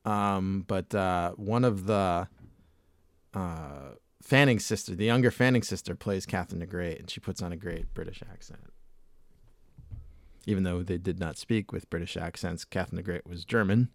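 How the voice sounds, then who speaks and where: A man with a fairly low voice hosts a casual podcast chat, rambling from one thought to the next and swearing easily. His voice sits close and dry on the mic, with no room sound at all. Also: normal speed, no room sound. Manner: rambling, profane, laid-back. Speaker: podcast host.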